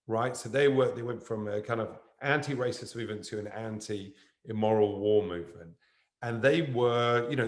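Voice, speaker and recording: There's reverb on this man's lowish voice as he speaks in a university event room. He's an actor invited on stage, and his anecdote rambles and leaps about in a lively way.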